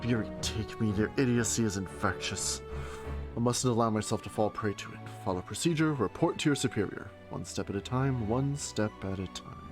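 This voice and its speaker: A man's voice: on the low side, brisk, over music, lightly acted. A man voicing a stern, exasperated soldier who grumbles in a game read-aloud.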